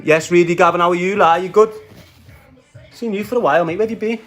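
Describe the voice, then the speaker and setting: A man's voice: high voice, quick pace, a bit bright, faint music behind. A man with a Liverpool Scouse accent ranting on a phone livestream, aggressive and profane, trading insults while greeting viewers by name. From Liverpool, England. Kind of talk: casual livestream rant.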